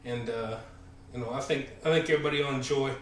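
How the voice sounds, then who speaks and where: Speaking quickly in a medium-pitched, fairly even voice, a Southern American fitness host in his forties chats on a live stream between workout sets. He sounds a little winded, rambles with lots of fillers, and gives friendly shout-outs. The audio carries some hiss or hum, echoes in the room, and he's far from the mic.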